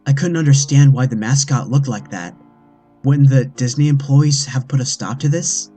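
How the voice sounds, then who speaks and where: A man narrating a horror story in a first-person scripted read, earnest and steady. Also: moderate pace, breathy edge. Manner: earnest storytelling, with the mother's lines put on higher. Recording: faint music bed behind.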